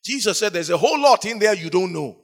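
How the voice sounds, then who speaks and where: A man's voice: sits high, expressive, fast, fairly bright tone. A man preaching a sermon, retelling a story and voicing the people in it, with sudden emphatic rises.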